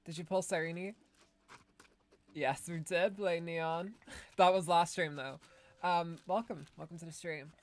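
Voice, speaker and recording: A woman's voice: lowish voice, fairly even intonation, a little slow, long pauses. A woman streamer giving casual, rambling gameplay commentary, often correcting herself and laughing.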